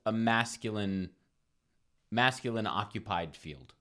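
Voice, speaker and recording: A man's voice: on the low side, lively intonation, slow, bright, forceful tone. A man from Rhode Island hosting an interview, talking casually, laughing easily and restarting his sentences. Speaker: podcast host.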